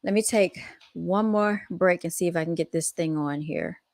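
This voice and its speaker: A woman hosts a casual livestream, speaking straight to her viewers in a dramatic, folksy style and repeatedly calling them y'all. She apologizes while fixing a fallen mic stand. Her voice is on the low side at normal speed, recorded on a handheld studio microphone with background noise.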